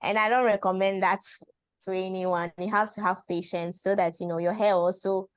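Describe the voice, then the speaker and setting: A woman's voice: mid-range voice, steady tone, no room sound. A woman on a video call giving hair-care advice in a thoughtful, searching way, with fillers and restarts. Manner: thoughtful, repeats herself, slow build-up with fillers. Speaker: webinar contributor. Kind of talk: casual advice sharing.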